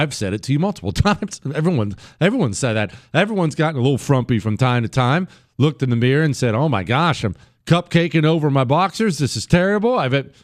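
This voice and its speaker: A man's voice: mid-range voice, dry recording, studio quality. A man hosting a political talk radio show, delivering a sarcastic monologue and mocking people in put-on voices.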